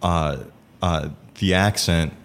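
A man in casual conversation about improv performance, talking in a halting way with many fillers and restarts. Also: deep voice, fairly bright tone, clean tone.

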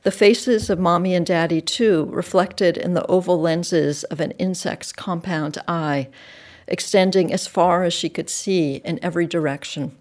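A woman reading a dark literary story aloud, measured and dropping soft at sentence ends. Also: fairly low pitch. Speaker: narrator. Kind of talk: audiobook reading.

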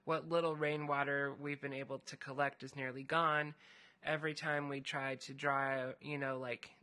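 Man, podcast co-host, casual retelling, rambling with fillers, bright voice, studio mic. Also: medium pitch, level tone, normal speed. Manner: rambling storyteller, many fillers. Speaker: podcast co-host recapping a story. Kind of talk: casual chat.

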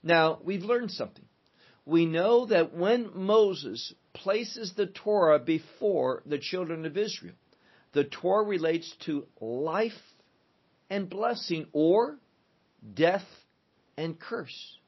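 A man teaching through a psalm verse by verse, deliberate and emphatic, building his points in lists. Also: high-pitched, lively intonation, husky. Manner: slow, deliberate, emphatic with listed phrases. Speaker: Bible teacher. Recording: dull lo-fi recording.

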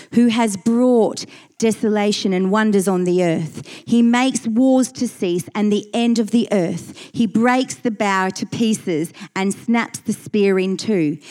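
A woman's voice: mid-range voice, a little mellow. A woman preaching a sermon, earnest and emphatic, reading scripture and repeating key phrases for weight.

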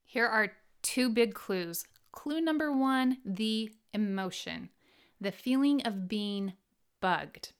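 A woman hosting a reflective personal monologue on self-help, animated and drawing out key words for emphasis. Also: on the high side, slow pace, clean tone.

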